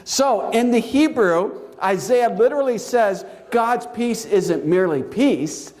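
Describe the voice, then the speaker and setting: Lively high-voiced man preaching slowly. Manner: animated, playful, laughs at own jokes. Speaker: pastor. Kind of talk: sermon. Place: church.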